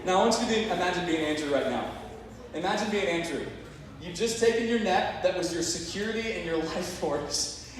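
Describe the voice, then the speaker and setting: A man giving a playful, jokey youth sermon and talking back and forth with his audience. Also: sits high. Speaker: youth pastor. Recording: echoey hall picked up from far off.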